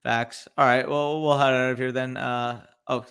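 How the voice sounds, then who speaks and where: A man's voice: mid-range voice, little pitch movement, moderate pace, fairly bright tone, smooth. A man hosting a live fantasy football stream, chatting loosely with lots of swearing. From half British. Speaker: host. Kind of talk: casual livestream chat.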